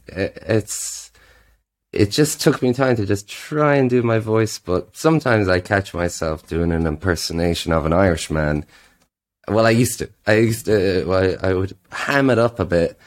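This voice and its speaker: Male singer-songwriter guest, low voice, rambling, casual podcast chat. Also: moderate pace. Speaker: guest musician.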